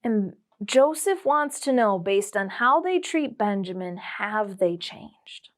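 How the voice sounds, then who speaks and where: A woman teaching at children's church, telling a Bible story in an animated way and asking the children questions. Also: mid-range voice, takes it slowly.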